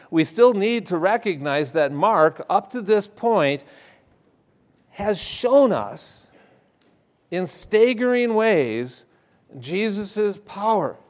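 A man preaching a sermon in a slightly higher than usual voice. His delivery is animated, with loud emphatic stretches that drop into quiet, hushed asides. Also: slow pace. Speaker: pastor.

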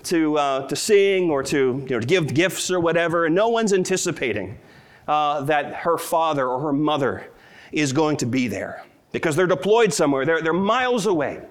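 A man's voice: on the high side, expressive, moderate pace. A middle-aged man preaching a sermon as pastor, earnest and tender, rising to emotional peaks.

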